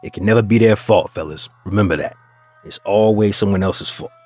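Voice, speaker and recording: Male reaction-channel host, lowish voice, sneering tone toward the clips he plays, faint music bed. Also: brisk, darkish tone. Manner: mocking, addresses listeners as "fellas". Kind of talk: reaction commentary.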